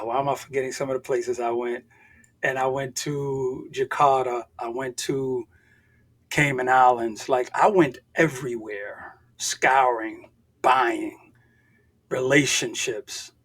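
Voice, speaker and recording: An older man speaking as a podcast guest, emphatic and preachy, repeating his points and sometimes nearly shouting. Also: mid-range voice. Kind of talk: impassioned podcast talk.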